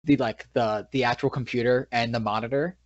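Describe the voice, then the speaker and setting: A man's voice: mid-range voice, steady tone, brisk, no room sound. Rambling man from New York, dry sound. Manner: rambling retelling with many restarts. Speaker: podcast co-host. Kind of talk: casual movie recap chat. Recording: dull, dry lo-fi recording.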